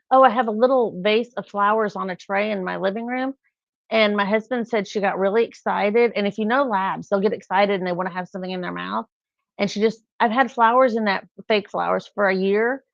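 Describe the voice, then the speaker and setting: A woman's voice: medium pitch, fairly quick, gravelly, dry recording, dull audio. A middle-aged woman chatting casually on a live stream, rambling through stories. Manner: chatty, rambling, acts out quotes with laughs.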